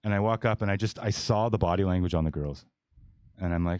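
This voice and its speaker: A man in his forties with a very low voice hosts a casual podcast discussion. He talks bluntly and meanders, restarting sentences and piling on fillers. The sound is close and dry, with no room around it. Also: fast talker, a little mellow, no echo. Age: 40s. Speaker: podcast host.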